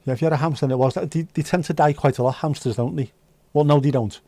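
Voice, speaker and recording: A man's voice: on the high side, quick pace, warm tone, dry recording. A man hosting a livestream, chatting casually and reading out viewer comments with rambling, dry joking asides. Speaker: livestream host.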